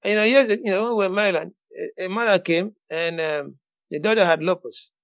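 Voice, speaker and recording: A man preaching, who moves from quiet teaching into bold, emphatic declarations and often repeats words as he builds up. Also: high voice, fast, no echo, muffled recording. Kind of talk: sermon with prayer call-in.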